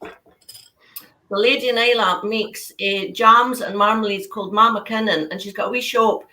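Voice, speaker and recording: Woman, bright voice, chatty tasting host, echoey room, distant mic. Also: mid-range voice, steady tone, a little slow. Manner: chatty, laughs often, trails off mid-sentence. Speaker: host of an online whisky dinner. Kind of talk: casual tasting demonstration. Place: home, on a video call.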